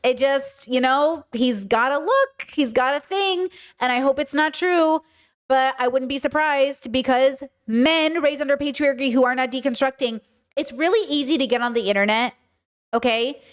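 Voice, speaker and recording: A young adult woman hosting a casual livestream commentary, blunt and animated, now and then slipping into silly voices and sung bits. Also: high voice, moderate pace. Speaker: podcast host and live streamer.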